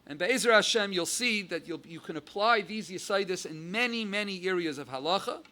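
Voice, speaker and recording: A man from the United States with an American accent mixed with Yiddish and Hebrew terms, giving a halacha lecture with animated, rising emphasis. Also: high voice, moderate pace. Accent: American English with Yiddish and Hebrew terms. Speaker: rabbi giving a Torah class.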